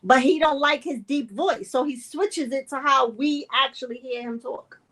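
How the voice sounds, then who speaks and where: A woman co-hosting a podcast in an easygoing, chatty way. Her voice sits high, and she keeps circling back to hammer her point home. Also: normal speed. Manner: animated, repeats points for emphasis. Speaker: podcast co-host. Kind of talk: casual chat.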